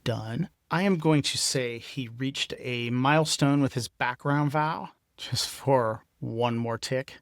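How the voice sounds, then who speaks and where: Slow, methodical man narrating a solo game. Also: medium pitch, no room sound, clean studio sound. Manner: methodical, explaining game mechanics. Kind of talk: solo tabletop actual-play narration.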